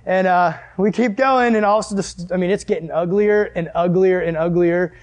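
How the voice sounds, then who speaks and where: A man's voice: high-pitched, fairly quick. A young man preaching a sermon in a casual, jokey way, telling a family story and acting out the people in it. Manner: animated, jokey, acts out the characters in his stories.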